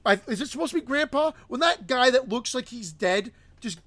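A man's voice: extremely high pitch, expressive, a little fast, a bit bright, no echo. A man co-hosting a casual movie podcast, rambling and often cutting himself off as he tells a story. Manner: rambling, self-interrupting storyteller. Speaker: podcast co-host.

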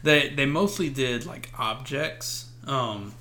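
A man's voice: mid-range voice, slow pace, bright, forceful tone. A man co-hosting a podcast in casual chat, rambling and hesitant with lots of fillers. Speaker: podcast co-host.

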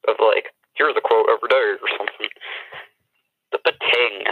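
A man's voice: on the low side, steady tone, fast, slightly rough, dry recording. A young man co-hosting a casual podcast, joking around with goofy remarks. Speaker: podcast co-host. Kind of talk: casual chat. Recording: tinny phone-like sound.

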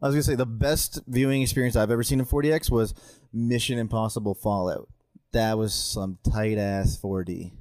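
A man's voice: fairly low pitch, fairly even intonation, fairly quick, darkish tone, no room sound, clean studio sound. A man guesting on a podcast, chatting casually in a joking, rambling way and swearing now and then. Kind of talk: casual chat.

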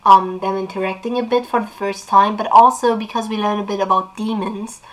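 A woman's voice: mid-range voice, steady tone, a little fast, low-quality recording. A woman book vlogger recapping a plot in casual chat, with fillers, and reading a novel aloud.

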